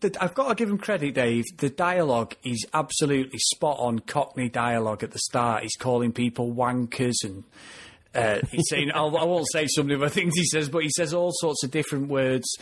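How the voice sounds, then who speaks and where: Husky, chatty man. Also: medium pitch, a little fast. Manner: chatty, laughs often, animated. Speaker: podcast co-host, TV reviewer. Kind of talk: casual review chat.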